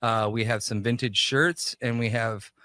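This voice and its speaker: Bright-voiced man telling a story. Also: mid-range voice, measured pace, dry recording. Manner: animated, acts out quoted dialogue. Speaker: shop owner, guest. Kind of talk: casual storytelling interview.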